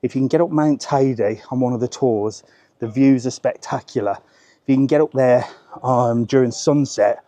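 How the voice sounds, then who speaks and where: A man's voice: mid-range voice, moderate pace, mellow. A man with a Birmingham accent, chatting casually as he walks outdoors on a live travel vlog, full of informal slang. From Birmingham, England. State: out of breath. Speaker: travel vlogger. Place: outdoors on a hillside street.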